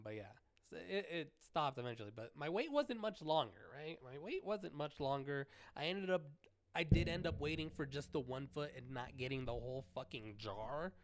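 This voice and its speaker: A man hosting a podcast, telling an animated story with heavy cursing and frequent restarts. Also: medium pitch, dry recording. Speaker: podcast host. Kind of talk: casual solo storytelling.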